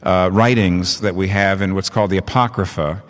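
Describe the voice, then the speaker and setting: A man preaching a sermon, animated and leaping up in pitch to stress his points. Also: moderate pace. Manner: animated, rising in pitch for emphasis. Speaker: pastor. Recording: long hall reverb.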